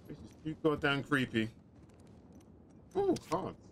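Chatty, excitable male game commentator, slightly high, bright tone. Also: takes it slowly, slight background noise. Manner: chatty, excitable, joking asides. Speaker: gaming commentator. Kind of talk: casual let's-play commentary.

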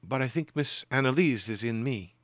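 A man's voice: medium pitch, normal speed, dry recording, pitched above the performer's own voice, natural voice. A man putting on a timid young female spirit. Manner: hesitant and deferential, says sir.

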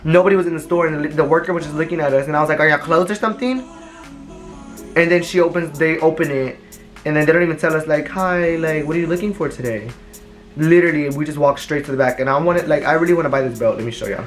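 In a mid-range voice that races along, a chatty young vlogger rambles through a haul and tells animated stories. Faint music sits in the background.

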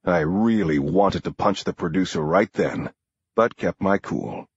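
Male thriller narrator, low husky voice, lively, muffled dry audio. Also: unhurried, no echo. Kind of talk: first-person thriller narration.

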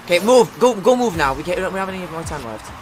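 A man chatting over a voice call while playing a car soccer game, shouting in excitement and repeating himself. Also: high-pitched, quick pace, a crowd in the background. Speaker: gamer. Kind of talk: excited gaming chat.

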